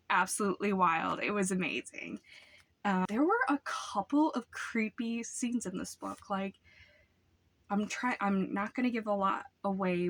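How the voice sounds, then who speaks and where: A woman's voice: medium pitch, fairly bright tone, dry recording. A young woman casually reviewing books in a rambling way, full of "like" and "um.". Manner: rambling, lots of "like" and "um" fillers. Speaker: book vlogger.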